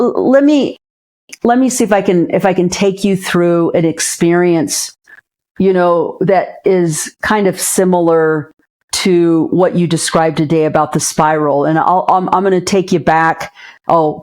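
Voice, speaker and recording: A middle-aged woman with a fairly low voice talks as a psychologist guest in a reflective interview. She is candid and earnest and often circles back to repeat herself. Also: steady tone, a little slow, a little mellow. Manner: candid and earnest, with frequent restarts and repeated phrases.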